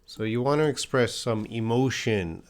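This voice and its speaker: A man answering viewers' English questions in a live-stream lesson. He explains patiently, with pauses and restarts. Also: mid-range voice. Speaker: English teacher.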